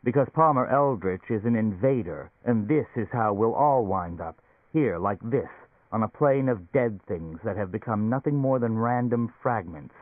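A rough, brooding man stranded in a dying dream world, as a male reader puts him on. His voice sits a little low and sounds dismal and worn. The sound is dry and narrow, like a phone line. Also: animated, moderate pace, dry recording, close to an everyday voice. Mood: resolute. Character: troubled adult man stranded in a dead world.

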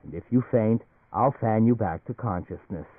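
A man voicing a calm male agency chief with a flat, measured, lowered delivery. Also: husky, dry recording. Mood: wry. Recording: phone-like narrow band, dry.

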